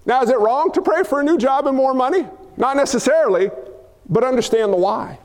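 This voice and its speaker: High-voiced animated preacher in a reverberant hall. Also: male voice, normal speed. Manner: animated, jokey preaching with acted-out quotes. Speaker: pastor. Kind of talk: sermon.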